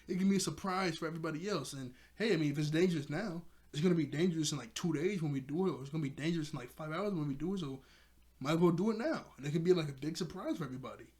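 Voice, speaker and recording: Animated young man recapping a cartoon. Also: a little high. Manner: animated, acts out characters' lines, laughs often. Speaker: episode reviewer. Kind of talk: casual spoken episode recap.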